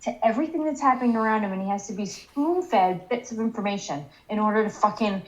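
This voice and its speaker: A woman's voice: mid-range voice, expressive, fast, highs cut off. A woman co-hosting a casual podcast, blunt and opinionated, who swears freely.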